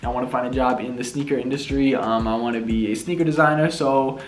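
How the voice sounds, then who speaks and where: A man's voice: mid-range voice, steady tone, fast talker, slight background noise. Laid-back young man in an echoey room. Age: 20s. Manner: laid-back, slangy, rambling with lots of fillers. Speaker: sneaker YouTuber answering fan questions. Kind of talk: casual Q&A vlog.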